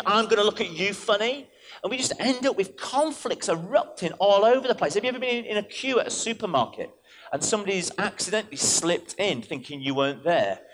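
A man, a vicar, preaching an animated sermon in church, telling stories and switching in and out of quoted voices. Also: high-pitched, a little hiss or hum.

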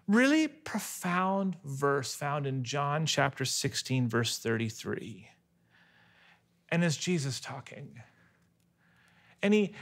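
A man in his thirties preaching a sermon, telling personal stories in an earnest way, at times hushed and at times emphatic. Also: on the high side. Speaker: pastor.

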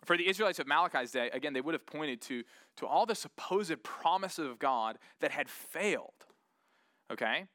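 A man's voice: fairly high pitch, expressive, moderate pace, bright, forceful tone, no echo, clean studio sound. A man preaching a sermon earnestly and animatedly, acting out the voices of doubters as he goes.

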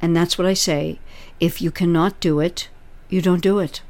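A woman's voice: on the low side, steady tone, normal speed, a little mellow. A woman hosting as a relationship coach, advising a listener emphatically and explaining through analogies.

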